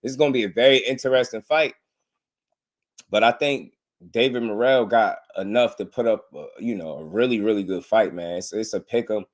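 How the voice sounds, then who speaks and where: A man giving casual boxing commentary on a live stream, slangy and animated, laughing often. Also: lowish voice, fairly quick.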